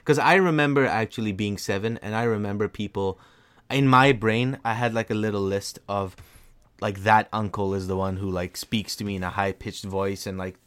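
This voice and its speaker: Podcast co-host: laid-back young man with a slightly low voice, chatty and relaxed. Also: moderate pace, clear, resonant tone. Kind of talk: casual chat.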